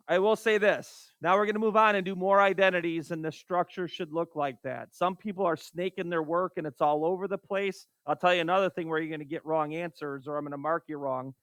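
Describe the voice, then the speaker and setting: A man's voice: high-pitched, brisk, a bit bright, clean tone, dry recording. A man teaching a math class, calling on students by name and exasperated by wrong answers. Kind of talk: classroom lecture.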